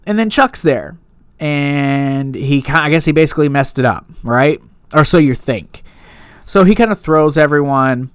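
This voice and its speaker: A man's voice: on the high side, smooth, no room sound, clean studio sound. A man giving a casual, rambling recap and review of a TV episode, full of fillers and asides.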